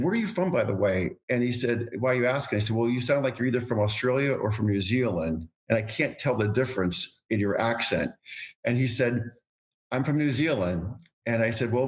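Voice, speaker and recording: A man, a podcast guest, telling long casual anecdotes with many restarts and repeated words. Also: mid-range voice. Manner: rambling anecdotes with frequent restarts. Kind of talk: casual storytelling.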